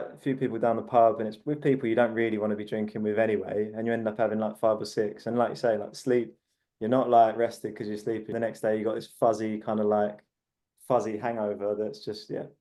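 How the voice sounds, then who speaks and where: Mellow-voiced man rambling candidly. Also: on the low side, little pitch movement, brisk. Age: 30s. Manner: rambling, heavy use of "like" fillers. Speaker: podcast guest. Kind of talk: candid casual conversation.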